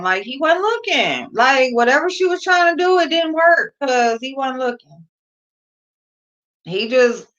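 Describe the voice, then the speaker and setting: Through dull lo-fi livestream audio, a woman with a slightly high, fairly bright voice hosts a stream and chats casually with her live viewers. She's blunt and slangy, giggling and swearing through her words.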